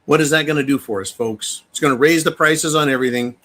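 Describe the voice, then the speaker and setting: Brash, bright-voiced man. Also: on the high side, fast. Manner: emphatic and animated, addresses viewers as folks, swears freely. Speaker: livestream host. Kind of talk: casual livestream commentary.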